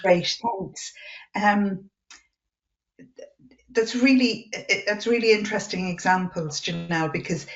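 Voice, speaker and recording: Female webinar panelist, earnest, animated, lo-fi call audio. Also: medium pitch, measured pace, pauses often. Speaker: webinar panelist, coaching expert. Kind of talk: conversational webinar talk.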